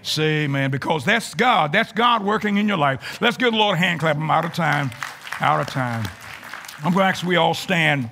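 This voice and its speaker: A man, a pastor, preaching a folksy, animated sermon to his congregation in church, sometimes rising to shouts. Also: on the high side, normal speed, creaky, a faint crowd, slight background noise. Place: church sanctuary.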